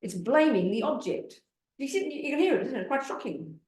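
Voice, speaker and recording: A woman's voice: sits high, expressive, normal speed, a little mellow. A woman in her seventies, a Buddhist nun giving a dharma talk in a blunt, emphatic way, pressing her listeners with rhetorical questions. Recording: roomy hall sound.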